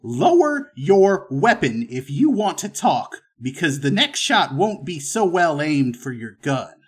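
A man's voice: on the high side, very animated, unhurried, slightly rough, voice pushed up, heavily acted. A man voicing a stern, commanding stranger with a gun in a tabletop western game. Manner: stern, threatening.

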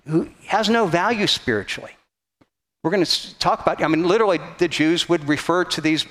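A man's voice: high-pitched, a bit bright. A man pastor preaching a conversational sermon, teaching from a map and reading scripture aloud with frequent restarts.

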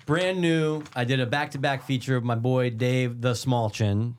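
A man in his thirties co-hosting a podcast in casual chat, chiming in with quick agreements. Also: mid-range voice, steady tone. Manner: fast talker, chimes in with quick agreements. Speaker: podcast co-host.

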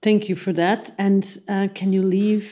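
Podcast host: friendly, brisk, slightly muffled, quick to thank the guest. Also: mid-range voice, little pitch movement, dark tone. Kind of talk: casual interview chat.

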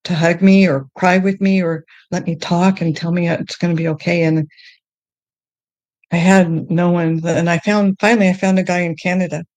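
A woman telling her faith testimony in a podcast conversation, earnest and emotional, often halting and restarting. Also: lowish voice, fairly even intonation, a little mellow, no echo, dull audio. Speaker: guest sharing her testimony.

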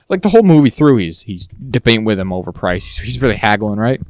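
A man co-hosting a podcast, chatting casually in an animated, rambling way and repeating words as he goes. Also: fairly low pitch, quick pace, no room sound, clean studio sound. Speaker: podcast co-host. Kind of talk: casual chat.

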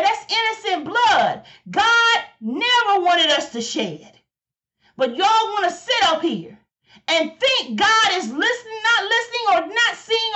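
A woman's voice: very high voice, sharp tone. A woman delivering an impassioned, emphatic sermon, exhorting her listeners and repeating herself for emphasis. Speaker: preacher.

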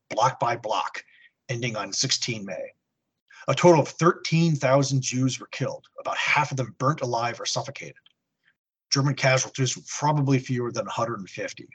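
A man's voice: medium pitch, slightly rough. A man hosting a podcast, recapping a comic book story with earnest narration and wry asides. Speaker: podcast host.

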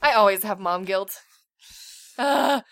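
A woman in her thirties co-hosting a podcast in casual chat, telling animated stories and laughing often. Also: mid-range voice, slow, no room sound, clean studio sound. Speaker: podcast co-host.

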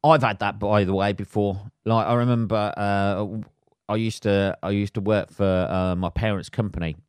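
A man's voice: lowish voice, steady tone, normal speed, clean tone, no room sound, clean studio sound. Sweary man ranting on a podcast. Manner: sweary, laughs at his own jokes, acts out voices. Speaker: podcast host. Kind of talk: solo comedic podcast rant.

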